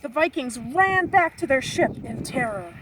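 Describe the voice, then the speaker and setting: A woman teacher reading a picture book aloud to children in a lively voice, outdoors on a windy clifftop. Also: sits high, unhurried. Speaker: elementary school teacher. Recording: loud wind noise outdoors.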